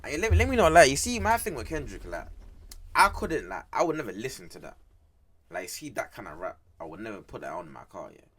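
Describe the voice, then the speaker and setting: A young man giving animated, filled casual reaction commentary as a music streamer. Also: mid-range voice, fast talker, husky. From United Kingdom. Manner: animated, slangy, repeats "bro" and "I can't lie".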